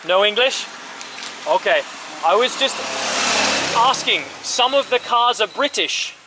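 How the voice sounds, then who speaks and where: A man filming a casual travel vlog outdoors at a street-side car yard, chatty and upbeat, speaking slowly and simply when he talks to locals. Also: very high voice, lively intonation. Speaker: travel vlogger. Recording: outdoor street noise and passing traffic.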